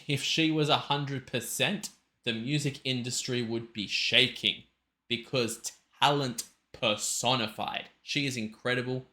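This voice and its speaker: A man's voice: mid-range voice, sharp tone. An Australian man hosting a reaction video, talking enthusiastically and emphatically in a rambling way. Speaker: reaction channel host.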